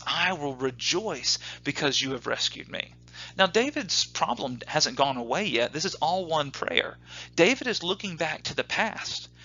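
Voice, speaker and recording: A man's voice: on the high side, bright, forceful tone, dull audio. A man teaching a lecture, reading passages aloud and stopping to explain them and pose questions to the class. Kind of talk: lecture on scripture.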